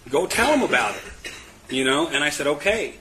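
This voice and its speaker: A man with a bright, forceful voice tells his own recovery story candidly, poking fun at himself, laughing often and tripping over repeated words. His pitch sits in a middle range. A faint hum of room noise is heard behind him. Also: very animated, normal speed, rough recording. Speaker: speaker sharing recovery story. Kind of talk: personal testimony at a meeting.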